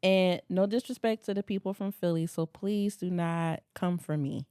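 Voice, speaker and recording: A woman from the American South hosting a podcast, telling stories in an animated way and acting out the people she quotes. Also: fairly low pitch, normal speed, smooth, no echo, studio quality. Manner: animated storyteller, acts out quotes with big voice swings. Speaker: podcast host. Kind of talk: casual conversational interview.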